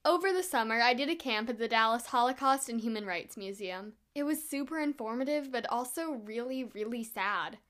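A woman hosts her own book-review show with bright, expressive enthusiasm. Her voice sits higher than most. She reads a passage aloud and then talks it over. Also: fairly quick, few pauses.

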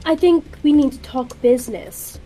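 Brief: high-voiced brash mercenary woman played by a woman, sarcastic, blunt. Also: normal speed, warm tone, faint music behind, lightly acted, low-quality recording. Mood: cocky. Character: cocky woman bounty hunter, blunt.

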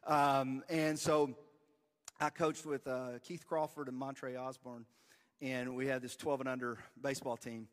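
A man's voice: medium pitch, little pitch movement, unhurried, long reverb tail. A man, preaching a conversational sermon in casual, self-deprecating storytelling. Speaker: pastor. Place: church sanctuary.

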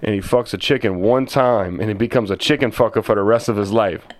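Low-pitched man, podcast co-host, lively storyteller who slips into voices of his relatives. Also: fairly quick, dry recording. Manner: animated storyteller who acts out family members' voices. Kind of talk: casual storytelling chat.

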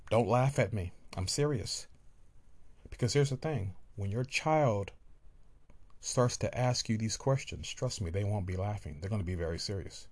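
A man's voice: lowish voice, normal speed, darkish tone. A man giving emphatic parenting advice in a casual motivational talk, repeating his points insistently.

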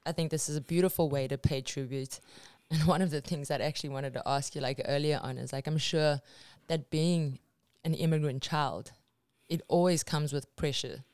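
A woman with a low, smooth and clear voice interviews her guest attentively and supportively. Her sound is dry and close. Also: fairly even intonation, moderate pace, a little mellow, no echo. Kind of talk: casual interview chat.

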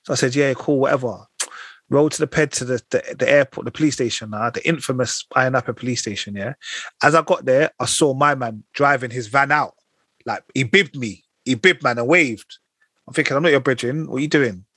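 A man's voice: mid-range voice, a little fast, breathy edge, no echo. A young man telling a long, slang-heavy story on a podcast, acting out every quoted line. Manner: animated anecdotes full of slang and acted-out quotes. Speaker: podcast co-host. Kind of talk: casual chat, storytelling.

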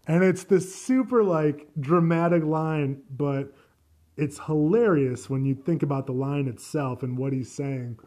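A man's voice: on the high side, unhurried, warm tone. A man hosting a solo podcast, chatting casually in a rambling, profane, self-deprecating way. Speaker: podcast host.

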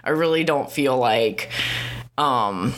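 A woman's voice: a bass voice, animated, slow pace. A woman talks through a casual podcast monologue. She rambles, swears freely and breaks into small laughs mid-sentence. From United States. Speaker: podcast host.

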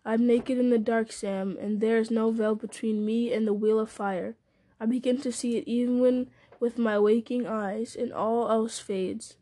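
A woman's voice: on the high side, fairly even intonation, normal speed, mellow, no room sound, natural voice. A woman voicing a weary, burdened male hobbit who speaks in a sorrowful, strained way. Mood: sad.

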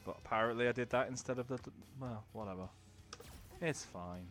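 A man's voice: mid-range voice, racing, fairly bright tone, soft background music. A young man giving casual gameplay commentary, chatty and rambling, often breaking off into baby talk. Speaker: gaming video creator.

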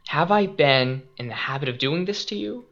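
A man's voice: a little high, animated, moderate pace, a bit bright. A man voicing a loyal male talking donkey that pleads with its rider, heard on a dull lo-fi recording. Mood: pleading.

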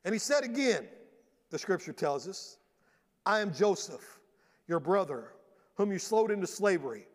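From a church stage, a high-voiced pastor delivers a sermon at normal speed, telling the story with liveliness and often slipping into the voices of the people he quotes. A long reverb from the large hall follows his voice.

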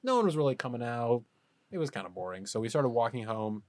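Animated man telling a story, dry close mic. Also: medium pitch, quick pace, dry recording. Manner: animated, laughs often, slips into hushed tones for suspense. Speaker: podcast co-host. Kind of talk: casual storytelling chat.

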